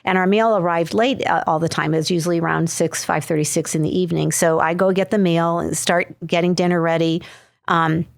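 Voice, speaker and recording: A woman's voice: on the low side, fairly even intonation, a little fast, vocal fry, no echo, clean studio sound. A middle-aged woman, a mother and podcast guest, telling a family story in a loose conversational way. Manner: conversational, many "you know" fillers. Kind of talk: personal storytelling.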